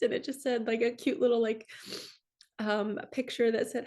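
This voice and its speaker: A woman's voice: fairly high pitch, flat delivery, moderate pace, darkish tone. A woman in her forties, a spiritual coach, talking earnestly and emotionally about her own experience to camera. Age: 40s. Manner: earnest and emotional, tearful in places. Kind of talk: personal testimony to camera.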